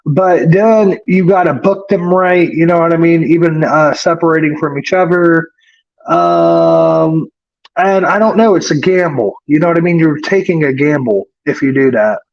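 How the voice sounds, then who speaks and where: A man with a high voice recaps a wrestling episode in loose casual chat. He rambles, swears freely and leans on fillers. The recording is dull and lo-fi. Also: normal speed. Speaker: wrestling podcast co-host.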